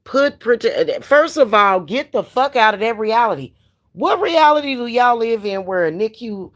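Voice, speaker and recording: An older woman, ranting in a profane, animated, emphatic monologue as a spiritual practitioner. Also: mid-range voice.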